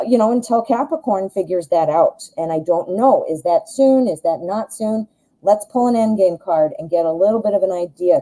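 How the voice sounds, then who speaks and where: A woman's voice: medium pitch, warm tone, rough recording. A woman giving a chatty live tarot reading, reassuring and thinking aloud with plenty of fillers. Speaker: tarot reader.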